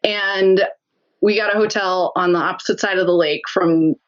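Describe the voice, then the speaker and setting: A woman's voice: mid-range voice, normal speed. Chatty woman telling stories, lo-fi sound. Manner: lively, laughs often, acts out quotes. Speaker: podcast guest. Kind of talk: casual storytelling interview.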